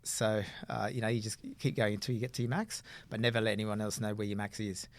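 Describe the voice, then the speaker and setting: A man's voice: on the low side, flat delivery, fast talker, no room sound. A man, a buyer's agent explaining his work in casual podcast chat, rambling with frequent fillers.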